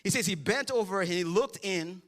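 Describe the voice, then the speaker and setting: A man in his thirties delivers a sermon with a high, bright voice. He preaches like a storyteller, cracking jokes, laughing often and acting out the lines of the people in the story. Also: animated, normal speed. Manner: joking storyteller, acts out quotes. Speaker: pastor.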